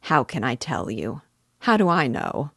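A sly, suave middle-aged schemer, read by a woman from a storybook, teasing and unhurried in his talk. The voice sits low and close, with a dry, plain sound. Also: big pitch swings, a bit bright, slightly rough, no echo, full character voice.

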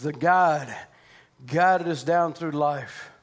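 Slowly delivering a sermon, this man sinks into low, hushed tones and then rises into loud, shouting preacher rhythms.

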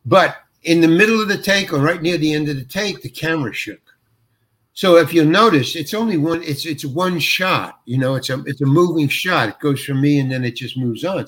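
Animated storytelling man, higher voice. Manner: animated, acts out quoted lines with jumps in pitch. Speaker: actor guest. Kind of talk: anecdotal storytelling.

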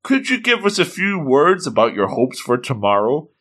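A man's voice: medium pitch, big pitch swings, moderate pace, fairly bright tone. A man voicing a woman sports reporter asking a skater polite questions after his program.

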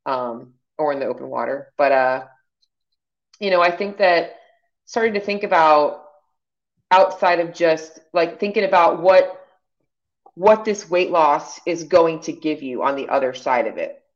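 Low-voiced woman coaching in casual chat. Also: measured pace, highs cut off. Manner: chatty, encouraging, many fillers. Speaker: podcast co-host and coach.

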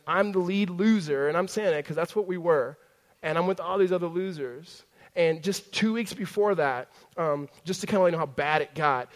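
A young man preaches to a room in a relaxed, conversational sermon, his voice a touch higher than most men's. He swings from hushed, confiding stretches to loud, emphatic bursts, full of fillers and quick restarts. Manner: frequent fillers and self-interruptions. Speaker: pastor. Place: large room with a congregation.

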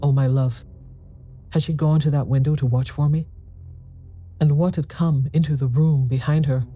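Dark-voiced man reading a ghost story. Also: a little high, fairly even intonation, moderate pace, soft background music. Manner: tense, earnest first-person narration.

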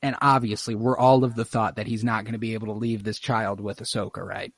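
A young man recapping an episode in casual chat, animated and laughing often, with plenty of swearing. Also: lowish voice, fast talker, dry recording, studio quality. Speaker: podcast host recapping an episode.

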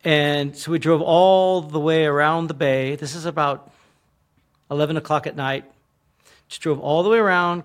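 Young American man, casual storyteller, swears easily, voice pitched a little high. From United States. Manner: laughs often while telling the story, swears casually. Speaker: guest telling travel stories.

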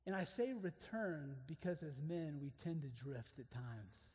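A man preaching an earnest sermon to other men, moving between hushed, intimate passages and emphatic declarations. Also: fairly high pitch, very animated, unhurried, long reverb tail.

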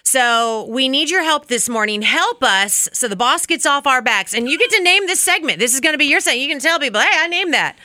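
A woman co-hosting a morning radio show, telling stories in casual, animated banter. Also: high voice, a little fast, hardly any pauses, dry recording, clean studio sound. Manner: chatty, animated storytelling. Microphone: studio microphone.

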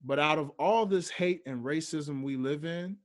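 A young man hosting a solo podcast, speaking slowly and deliberately and stressing his key points. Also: fairly high pitch. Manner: slow, deliberate, emphatic. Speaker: podcast host.

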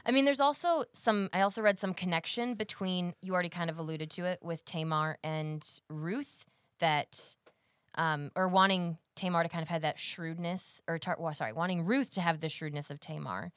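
A woman's voice: lowish voice, moderate pace, clean tone, dry recording. A woman co-hosting a casual Bible study chat. She asks curious questions and hedges her points. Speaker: podcast co-host.

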